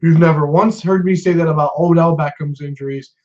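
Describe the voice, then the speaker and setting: A man's voice: a little high, steady tone, fairly quick, a little mellow. A man ranting as a sports fan vlogger. He sounds agitated, swears often and repeats himself. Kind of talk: upset sports rant. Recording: dull lo-fi recording.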